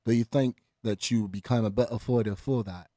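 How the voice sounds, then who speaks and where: A man's voice: lowish voice, fairly even intonation, brisk, warm tone, no room sound, clean studio sound, close to an everyday voice. A man putting on a pompous mock sports interviewer. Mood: earnest. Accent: put-on accent. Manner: mock-formal, indignant when teased. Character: mock self-important male sports interviewer. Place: studio.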